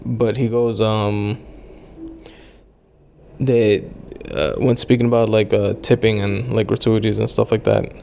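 A man's voice: lowish voice, flat delivery, unhurried, creaky, pauses often, darkish tone, a little hiss or hum. A young man chatting loosely about his travels, rambling with lots of fillers and casual swearing. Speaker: travel vlogger.

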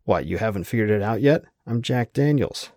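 A man voicing a scornful male whiskey bottle spirit with a baritone voice, derisive and bossy. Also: animated, normal speed, darkish tone, dry recording, clean studio sound.

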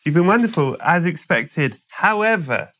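A man's voice: on the high side, lively intonation, normal speed, fairly bright tone. A man hosting a podcast, telling a long absurd story in a playful, rambling way with small stumbles. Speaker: podcast host. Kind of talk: comic storytelling in conversation.

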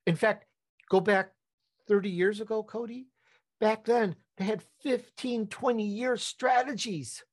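A man speaking as a podcast guest, his voice sitting a little high for a man. He talks emphatically, repeats himself and builds to animated peaks. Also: measured pace. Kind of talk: conversational podcast interview.

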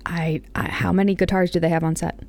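A woman's voice: lowish voice, level tone, a little fast, a little mellow. A woman co-hosting a podcast, recapping a TV episode in a casual chat with wry, teasing quips. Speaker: podcast co-host.

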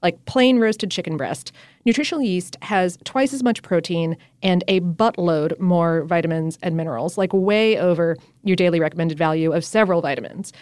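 Woman, podcast co-host, chatty, upbeat, fairly low voice, dry close mic. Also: normal speed, darkish tone, dry recording. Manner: chatty and upbeat, with frequent fillers and laughs. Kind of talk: casual conversational podcast.

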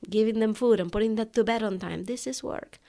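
A woman's voice: on the high side, fairly quick, gravelly, dark tone. A woman podcast host talking to her listeners in a casual, conversational way, often adding "right?" and "you know" as she recounts a personal story. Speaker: podcast host for online coaches.

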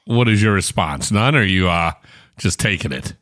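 A man hosting a podcast, asking a guest quick, joking questions in casual talk. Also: low-pitched, expressive, fairly bright tone, dry recording, studio quality. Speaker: podcast host.

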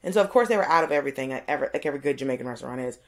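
A woman in her thirties co-hosting a casual comedic chat, an animated storyteller who acts out the voices of people in her stories. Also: extremely low pitch, very fast. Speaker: co-host.

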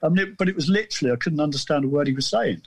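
A man from southern England, appearing as a guest author, recounts a story in loose, rambling chat full of self-deprecation and halting restarts. His voice leans high and expressive, with background noise in the recording.

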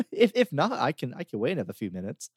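A man's voice: medium pitch, slightly rough, dry recording, clean studio sound. A man co-hosting a casual game review chat, easygoing, with lots of fillers and laughter. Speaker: podcast co-host reviewing games.

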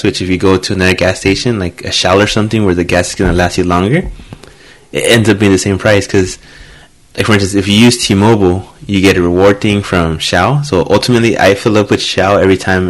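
Low voiced dude on a podcast, going on and on explaining stuff. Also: male voice. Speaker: podcast co-host. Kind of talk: casual chat.

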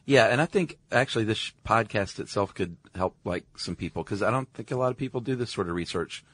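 A man's voice: fairly low pitch, animated, a little fast, fairly bright tone. A man co-hosting a podcast, chatty and agreeable in casual conversation. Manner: chatty, frequent agreeing interjections. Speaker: podcast co-host.

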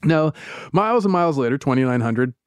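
A man on a podcast recounts a story with real energy, laughing and slipping into voices. His voice sits a little high. The sound is dry and close to the mic. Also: fairly quick, clean tone, no room sound. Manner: energetic, laughing, acts out quotes. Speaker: podcast host. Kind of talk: animated storytelling to a co-host.

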